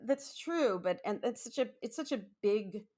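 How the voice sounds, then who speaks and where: A woman hosting a podcast, talking casually in a rambling, animated way with many asides and restarts. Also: a little high, moderate pace. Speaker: podcast host. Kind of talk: casual solo podcast monologue.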